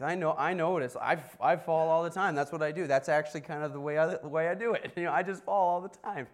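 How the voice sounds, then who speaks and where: Pastor guy preaching loose and chatty, kinda higher voice, talks right to the room. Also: moderate pace. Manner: informal storytelling with asides to the congregation. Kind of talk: conversational sermon.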